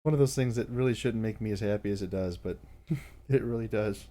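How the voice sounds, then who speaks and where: A man's voice: fairly low pitch, brisk. A man co-hosting a casual podcast chat, laughing often as he talks. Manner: giggly, animated, laughs often. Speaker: podcast co-host.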